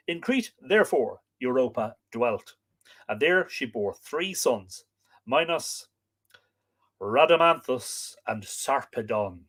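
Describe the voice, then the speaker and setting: A man's voice: medium pitch, very animated, slow, fairly bright tone. Man reading myths on a live stream. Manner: chatty with viewers, stops over pronunciations.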